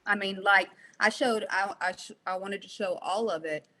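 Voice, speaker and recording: A woman's voice: mid-range voice, moderate pace, low-quality recording. A woman in her late thirties, a fitness competitor, speaking openly as a guest in a casual podcast interview. She talks with animation and laughs often. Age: 30s. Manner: candid and animated, laughs often, many fillers.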